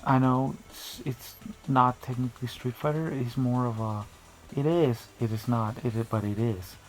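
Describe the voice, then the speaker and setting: A man's voice: medium pitch, fairly even intonation, normal speed. A man giving casual, rambling commentary to camera, often restarting sentences and drifting into asides. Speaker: video creator.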